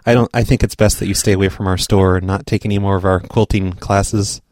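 Pushy deadpan man on a prank call. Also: sits low, brisk, dry recording, studio quality. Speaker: prank caller.

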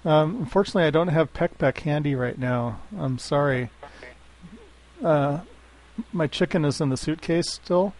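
A man's voice: a little high, normal speed, a little mellow, low-quality recording. A man hosting prank calls, chatting in a crude, joking way and laughing easily. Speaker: prank call host. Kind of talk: casual prank call banter.

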